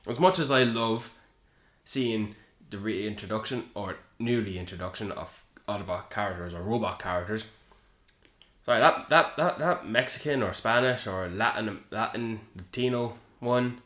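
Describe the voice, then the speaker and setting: A man co-hosting a casual film review podcast, rambling with animated jumps in pitch and plenty of restarts. His voice sits a little low. The room adds a noticeable echo. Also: moderate pace. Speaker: podcast co-host. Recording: roomy echo.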